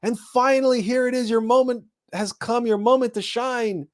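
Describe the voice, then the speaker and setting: A man hosting a spiritual talk show, speaking in a monologue that grows animated as he acts out imagined people. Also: extremely high pitch, moderate pace. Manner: animated storytelling, acting out imagined people in raised voices. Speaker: host.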